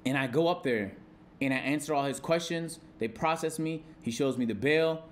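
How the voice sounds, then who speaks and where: A young man streaming live, telling a story to his chat in a profane, excitable way and acting out shouted quotes. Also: a little high, normal speed.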